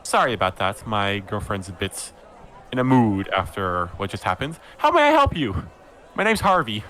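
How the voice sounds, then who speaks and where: A man's voice: on the low side, normal speed, a bit bright, a little hiss or hum, close to an everyday voice. A man voicing a friendly, nervous male half-orc carpenter who speaks in an apologetic, slightly awkward way. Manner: apologetic, easygoing, a bit awkward.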